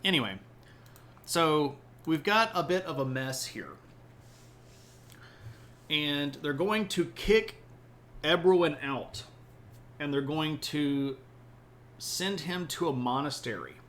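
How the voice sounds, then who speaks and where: A man's voice: on the high side, animated, slow, pauses often, fairly bright tone. Chatty man hosting a history stream. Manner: joking, chatty, frequent "right?" asides. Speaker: history podcast host. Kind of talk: casual livestreamed history talk.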